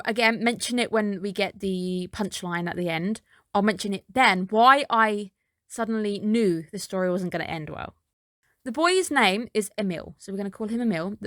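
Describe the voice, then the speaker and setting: Woman, anime reviewer, casual recap, chatty, skeptical asides, mid pitch, dry sound. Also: a bit bright, no echo. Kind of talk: casual episode recap and commentary.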